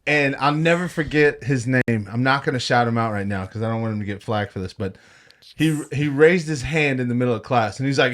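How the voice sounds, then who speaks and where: A young man hosting a podcast, telling a story in casual chat, animated and profane, laughing often and acting out quotes. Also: medium pitch, moderate pace. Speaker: podcast host.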